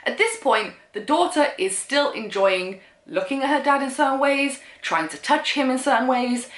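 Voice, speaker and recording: A woman's voice: sits high, lively intonation, moderate pace. Sarcastic woman in an echoey room. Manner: sarcastic, exasperated, nervous laughter. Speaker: book reviewer. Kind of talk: casual book reaction vlog. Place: room at home. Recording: roomy echo.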